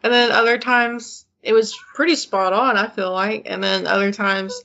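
A woman co-hosting a podcast in casual chat, a relaxed, teasing storyteller. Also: mid-range voice, normal speed, vocal fry, dull audio. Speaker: podcast co-host.

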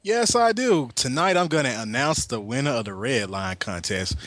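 Brash, lively podcast co-host man. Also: medium pitch, moderate pace, no echo. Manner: brash, profane, teasing. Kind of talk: casual podcast banter.

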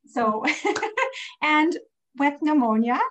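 A woman's voice: fairly high pitch, normal speed, low-quality recording. A woman recovering from pneumonia, telling a personal faith story in casual, earnest speech full of fillers. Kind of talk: casual testimony.

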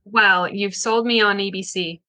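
A woman's voice: medium pitch, steady tone, measured pace, sharp tone. A woman from the United States giving short, playful answers in a casual interview. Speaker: guest, new staff member.

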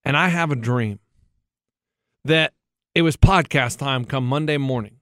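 A man's voice: medium pitch, unhurried, a bit bright, clean tone, no room sound, studio quality. A man co-hosting a talk podcast, telling a long rambling story in casual chat and acting out other people's lines. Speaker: radio show co-host.

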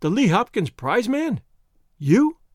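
A stiff, conservative Victorian country doctor, as a narrator plays him, formal and pedantic in speech. The voice is fairly high for a man and moves a lot in pitch. It sounds close and dry. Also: big pitch swings, fairly quick, no echo. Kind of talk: audiobook character voice.

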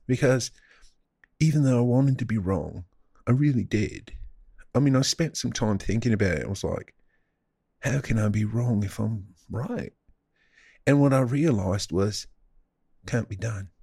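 Deadpan guy riffing on a podcast, mellow husky voice, dry close sound. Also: fairly low pitch, unhurried, long pauses, dry recording. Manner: deadpan, mock-serious rambling. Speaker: podcast co-host. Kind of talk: casual comedic chat.

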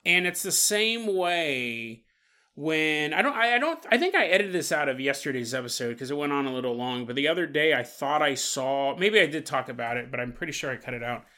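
A man hosting a podcast, retelling a story in a casual, animated way and acting out the people he quotes. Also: a little high, a little fast. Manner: animated, acts out quotes with playful voices. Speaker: podcast host.

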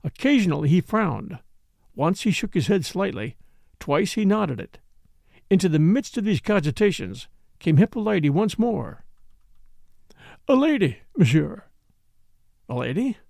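A man reading a novel aloud as an audiobook narrator, with expressive storytelling. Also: high voice, normal speed, gravelly, dry recording, studio quality. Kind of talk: scripted narration.

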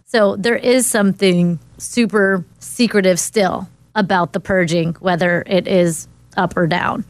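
A woman's voice: fairly low pitch, fairly even intonation, measured pace, no echo. A woman in casual podcast chat, speaking in a supportive and affirming way.

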